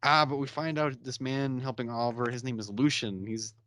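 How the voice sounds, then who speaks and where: A man's voice: mid-range voice, flat delivery, a little fast, pushed and bright. A young man hosting a casual podcast, retelling scenes and acting out the characters' lines with laughter. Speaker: podcast host. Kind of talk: casual recap chat.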